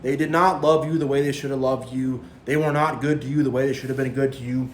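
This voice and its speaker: A man's voice: mid-range voice, steady tone, quick pace, echoey room, slight background noise. A man giving a preachy, repetitive monologue as a spiritual vlogger, warning listeners and mocking others in quoted voices. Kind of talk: impassioned monologue to camera.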